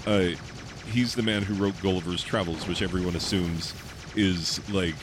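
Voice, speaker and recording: A man who teaches high school English, rambling in casual commentary while playing a game, full of fillers and laughs. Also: steady tone, normal speed, noisy background. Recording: game gunfire and explosions behind the voice.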